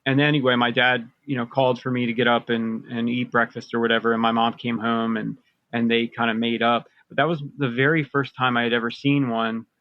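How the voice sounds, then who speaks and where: Podcast guest, man, mid-pitched, casual rambling storyteller, slightly dull lo-fi line. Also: little pitch movement, brisk, no echo. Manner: rambling, many fillers and restarts. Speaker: podcast guest recounting personal experiences. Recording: dull lo-fi dry sound.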